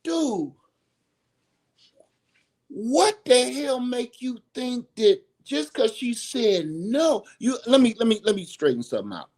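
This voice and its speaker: Lively high-voiced middle-aged man. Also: slow. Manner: rambling, emphatic, repeats his points. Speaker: video host. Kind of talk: casual opinion monologue.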